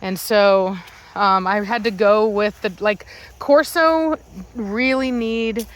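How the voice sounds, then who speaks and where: A woman from Virginia who breeds dogs, talking casually at home about her puppies and their training. Her voice sits at an ordinary middle pitch. She rambles with fillers and switches into sing-song baby talk when praising the dogs. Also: takes it slowly. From Virginia, United States. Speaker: dog breeder.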